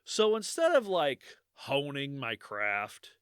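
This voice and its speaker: A podcast co-host with a mid-range, clear, resonant voice speaks slowly, chatting casually and reading out a long quote. He swears freely, laughs often, and swings animatedly between loud and quiet, all in a dry, clean studio recording.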